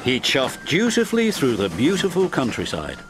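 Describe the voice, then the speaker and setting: A man reading a children's storybook aloud in an expressive, lilting way. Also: mid-range voice, normal speed, noisy background. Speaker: narrator. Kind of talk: storybook narration. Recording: music playing under the voice.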